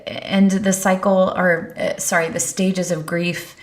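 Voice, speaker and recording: A woman's voice: fairly low pitch, little pitch movement, unhurried. A middle-aged woman speaking as a podcast guest, telling personal stories in an earnest, reflective way. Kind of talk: candid conversation.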